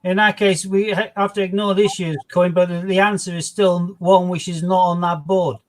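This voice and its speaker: A man's voice: high voice, little pitch movement, normal speed. A man playing a quiz with friends, explaining his reasoning with false starts. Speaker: quiz player. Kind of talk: casual chat during a quiz game.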